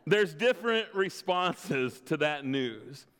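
A man's voice: fairly high pitch, lively intonation, slow pace, clear, resonant tone. Man preaching with a story-telling touch. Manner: storytelling, self-deprecating humor with quiet laughs. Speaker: pastor. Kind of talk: sermon with personal stories. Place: church sanctuary. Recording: long reverb of a large hall.

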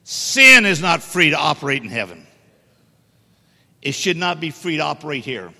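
Guest-preaching in a church sanctuary, a middle-aged man is forceful and jokes with the congregation as he preaches, his words echoing with hall reverb. His fairly high, sing-song voice moves at normal speed and sounds creaky and bright.

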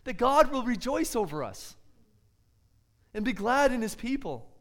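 A man's voice: very high-pitched, big pitch swings, unhurried, a bit bright. A man preaching a sermon, earnest and expository, often putting rhetorical questions to his listeners.

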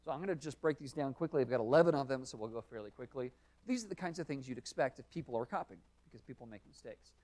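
A man's voice: mid-range voice, a little mellow. A man teaching a Sunday school class in a conversational lecture, often asking the room questions.

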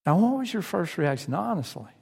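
A man's voice: high-pitched, very animated, fairly quick, vocal fry, a little mellow, husky, big-room sound. A man preaching a sermon in a conversational way, asking his listeners questions and acting out their inner voices.

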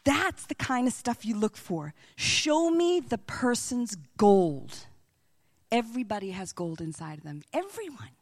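A woman preaching a sermon as a missionary speaker, telling stories with animation and dropping into hushed whispers. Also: fairly high pitch, big pitch swings, measured pace.

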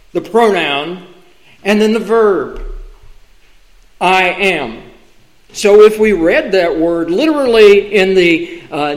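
A man preaching a sermon from the pulpit in a slow, deliberate way, pausing for emphasis. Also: high voice, fairly bright tone, reverberant, poor audio. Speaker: pastor. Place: church sanctuary.

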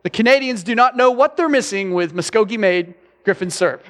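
A middle-aged pastor preaches in an easy, joking way, throwing asides to the congregation. His voice sits high for a man. The church hall gives it a long trailing reverb. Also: expressive, brisk, a bit bright. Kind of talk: sermon. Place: church sanctuary.

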